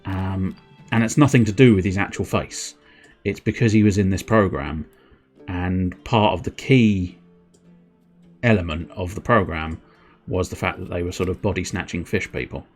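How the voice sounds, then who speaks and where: A man's voice: sits low, normal speed, a little mellow, soft background music. A man streaming a game, chatting in a rambling, giggly way with lots of restarts. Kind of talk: casual gameplay commentary.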